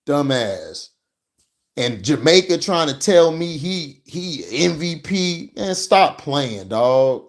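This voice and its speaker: Man with a higher voice, slow deliberate delivery, fired-up profane football rant. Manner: heated, profane, mocking. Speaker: sports commentary vlogger. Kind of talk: ranting football reaction commentary.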